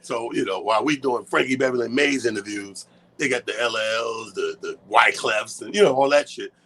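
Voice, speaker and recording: A man co-hosting a radio show, telling animated stories casually and swearing freely. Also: mid-range voice. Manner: animated, swears freely, talks fast when excited. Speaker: radio co-host. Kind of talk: casual radio chat, storytelling.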